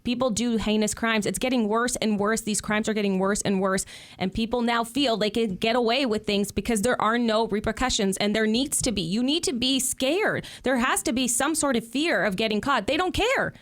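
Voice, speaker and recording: A woman's voice: on the high side, moderate pace. A woman from Canada, a guest on a talk show, speaking in an indignant, emotional and outspoken way. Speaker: guest commentator.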